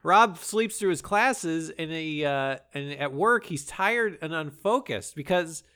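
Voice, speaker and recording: A man's voice: a little high, animated, unhurried, bright, forceful tone, clear, resonant tone. A man casually recapping a movie for a comedy podcast, jumping into mocking voices for the characters.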